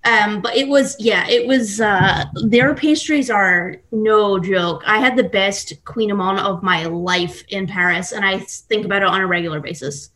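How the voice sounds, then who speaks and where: A woman's voice: mid-range voice, measured pace, few pauses, a bit bright. A young woman talks casually as a podcast guest, rambling through her thoughts with plenty of fillers and restarts. Her talk is loose and conversational. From Scotland, raised in Texas. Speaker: guest baker. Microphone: computer mic at home.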